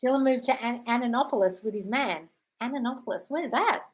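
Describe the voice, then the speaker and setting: Her pitch sits fairly high and her pace is fairly quick as she hosts the live-stream Q&A. The Australian-accented woman reads comments out, replies conversationally, curses freely, and calls viewers darling.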